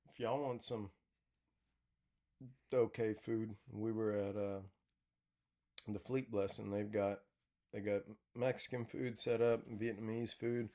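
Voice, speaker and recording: A man's voice: lowish voice, takes it slowly, long pauses. Young man telling stories with lots of laughs. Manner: animated storyteller, laughs a lot, restarts often. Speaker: podcast host. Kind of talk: casual breakfast chat and storytelling.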